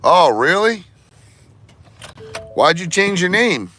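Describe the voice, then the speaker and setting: A man's voice: high voice, sing-song, slow pace, pushed and bright. Rambling, profane male vlogger. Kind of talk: casual vlog chat.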